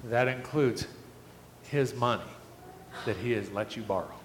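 A man's voice: medium pitch, a little slow, slight background noise. A man preaching a sermon, asking the congregation earnest rhetorical questions. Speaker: pastor. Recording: echoey hall with faint ambience.

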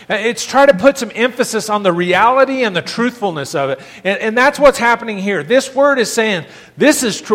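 High-voiced preacher in a reverberant hall. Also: male voice, fairly quick, a bit bright. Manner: conversational preaching with frequent restarts and rising emphasis. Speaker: pastor. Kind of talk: sermon.

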